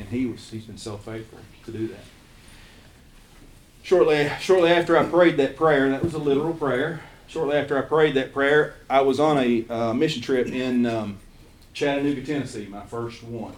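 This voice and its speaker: A man with an Eastern Kentucky accent, a church missions pastor telling his calling story to a small group in earnest, halting speech. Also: mid-range voice. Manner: earnest storytelling with frequent restarts. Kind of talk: casual testimony to a small group. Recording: roomy echo, faint room noise.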